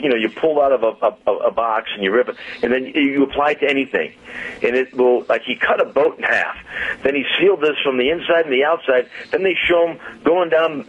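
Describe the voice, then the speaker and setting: A man's voice: mid-range voice, a bit bright, husky. Rambling man on lo-fi radio. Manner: rambling, halting, full of fillers. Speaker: car dealer guest. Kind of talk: casual radio chat. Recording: dull lo-fi radio audio.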